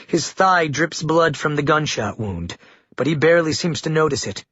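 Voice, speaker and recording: A husky, breathy male narrator reads a gritty audiobook in measured, dramatic tones. The recording is dull and lo-fi, dry with no room sound. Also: on the high side, expressive, a bit bright, no echo.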